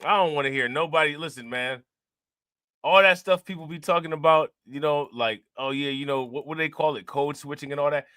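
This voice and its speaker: A man's voice: a little high, brisk, bright, forceful tone, clear, resonant tone, no room sound. A man hosting a casual commentary show, reacting to news clips and talking straight to his viewers in a loose, repetitive way. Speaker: commentary channel host.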